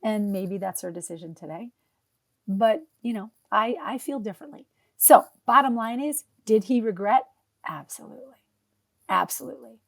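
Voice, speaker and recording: A woman hosting a podcast, telling stories in a chatty, energetic way and interviewing a guest. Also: mid-range voice, normal speed, dry recording. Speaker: host.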